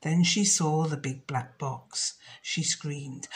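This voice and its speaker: A woman reading a children's story aloud, slow and expressive. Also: low voice.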